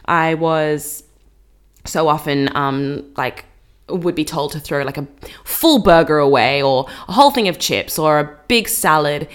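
A young woman co-hosting a casual podcast, her voice sitting on the lower side. She chats in an animated way and laughs easily as she tells stories and answers listener questions. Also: measured pace, clear, resonant tone. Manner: chatty and animated, laughs often. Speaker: podcast co-host. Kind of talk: casual chat.

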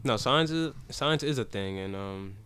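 A man's voice: medium pitch, lively intonation, unhurried, fairly bright tone, smooth. A man co-hosting a podcast in casual chat, laid-back and teasing. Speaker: podcast co-host.

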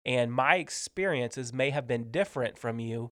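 A man's voice: mid-range voice, moderate pace, fairly bright tone, no echo, clean studio sound. A man co-hosting a casual business chat, explaining his ideas at length with examples.

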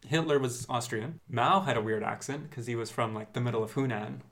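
Halting man sharing facts on a podcast. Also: medium pitch, fairly bright tone, soft background music. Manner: halting, offers facts and questions. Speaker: podcast co-host. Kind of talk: casual chat.

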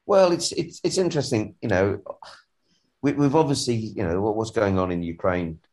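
A man's voice: fairly low pitch, normal speed, a little mellow. Chatty English man with a cold. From England. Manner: chatty and jokey, with many restarts and fillers. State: has a cold. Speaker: podcast co-host. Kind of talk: casual chat. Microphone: remote call.

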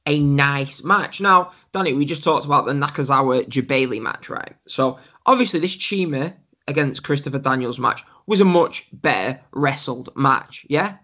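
A man's voice: medium pitch, normal speed, sharp tone. A man co-hosting a podcast, talking casually and bluntly, often asking if the listener gets his point. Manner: blunt, opinionated, keeps asking "do you know what I mean". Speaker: podcast co-host. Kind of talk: casual chat.

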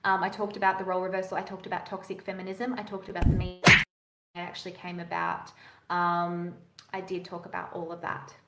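A woman's voice: on the low side, completely flat delivery, fairly quick, heavy background noise. Woman caller in an echoey room. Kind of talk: casual live stream call.

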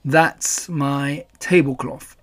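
A man reading a storybook aloud, voicing a gentle, simple-minded male teddy bear in a mild, wondering way. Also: medium pitch, fairly even intonation, extremely slow.

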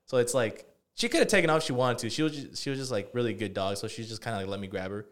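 A man's voice: medium pitch, racing. A man co-hosting a podcast, telling a rambling story in casual chat with lots of fillers and swearing. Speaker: podcast co-host.

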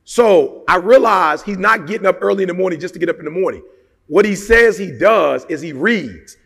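A man with a high-pitched voice delivers a motivational talk, emphatic and full of rhetorical questions. His tone is gravelly and fry-laden, and his casual, slangy phrasing rings out with a long hall reverb behind it. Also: expressive, brisk, a bit bright. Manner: slangy and conversational. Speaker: motivational speaker.

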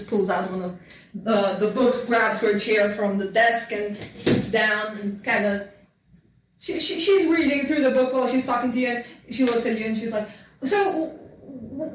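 A woman's voice: medium pitch, steady tone, normal speed. A woman narrating as game master of a tabletop game, in a loose, chatty way. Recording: roomy, distant mic, faint noise.

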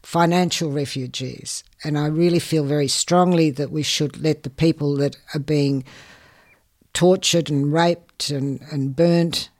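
An older woman, giving earnest, measured interview answers and often repeating words. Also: low voice, steady tone, a little mellow. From Hungary. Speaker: guest. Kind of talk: interview answers, personal recollection.

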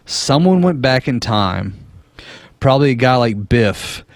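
A man chats casually on a podcast, joking and laughing often as he spins out a theory. His voice sits at a middle pitch. The sound is dry and close, with no room around it. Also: animated, measured pace, no room sound. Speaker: podcast co-host. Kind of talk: casual chat.

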